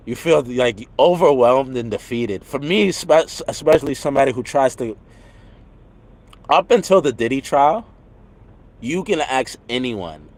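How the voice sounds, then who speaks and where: Talkative New York man streaming outdoors. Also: mid-range voice. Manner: earnest, talkative, easy laughs. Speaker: livestream host. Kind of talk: casual livestream chat. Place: outdoors walking city streets.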